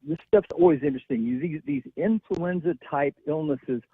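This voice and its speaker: Gravelly man on a tinny phone line. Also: on the high side, sing-song, normal speed. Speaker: veterinarian calling in. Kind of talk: phone-in explanation. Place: on the phone, away from the studio.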